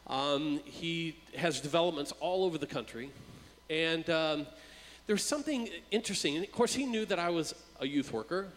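A man who works as a youth worker, preaching in a relaxed, conversational storytelling way and often repeating words as he starts a phrase. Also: on the high side, normal speed, long reverb tail, low-quality recording. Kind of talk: storytelling sermon.

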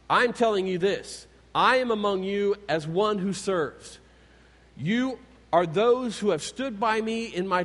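A man's voice: sits high, a bit bright, big-room sound, heavily acted. A man voicing Jesus speaking earnestly to his followers in a sermon retelling. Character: warm, solemn Jesus addressing followers.

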